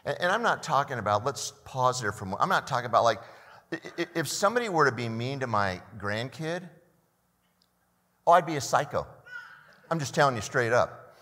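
Older guy pastor preaching, bright voice, pitch swings all over, stumbles on first words, asks the crowd stuff. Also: sing-song, brisk, long reverb tail. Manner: repeats words at starts of phrases, asks listeners questions. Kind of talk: sermon.

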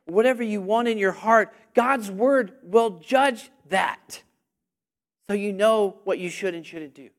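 A man with a high, light voice preaches a sermon with lots of energy. He calls out to the congregation and waits for their answers. At his peaks he nearly shouts. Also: takes it slowly. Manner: energetic, call-and-response, rising to near shouting.

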